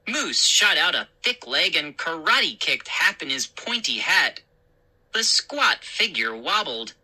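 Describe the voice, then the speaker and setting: A woman reading a children's story aloud in an expressive, unhurried way. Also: deep voice, husky, low-quality recording.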